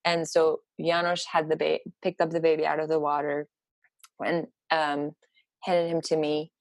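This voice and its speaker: Casting note: woman with a lowish voice, casual and halting storytelling, close and dry. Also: no room sound. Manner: animated, halting, many fillers. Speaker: podcast guest.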